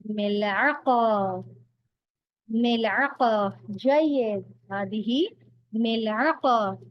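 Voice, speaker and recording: A woman teacher quizzes beginners on vocabulary at a very slow, drawn-out pace, her voice sitting a little high. The sound is close and dry, with a dull, slightly lo-fi tone. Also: no echo. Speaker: language teacher. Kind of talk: vocabulary quiz lesson.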